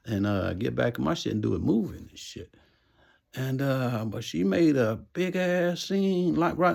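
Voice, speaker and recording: A man's voice: on the low side, darkish tone. A man casually telling a rambling personal story, full of profanity and repeated "you know what I'm saying". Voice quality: gravelly and husky.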